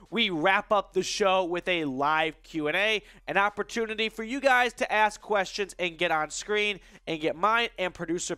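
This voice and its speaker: A man's voice: high voice, smooth, no room sound. A young man hosting a live sports talk stream, chatty and upbeat, with a stuffy, nasal voice from a cold. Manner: upbeat, chatty, shouts out viewers. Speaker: sports show host.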